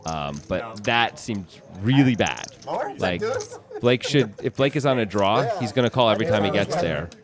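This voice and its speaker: A man commentating on a live poker game, reacting with excitable, animated surprise. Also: lowish voice, normal speed, a crowd in the background.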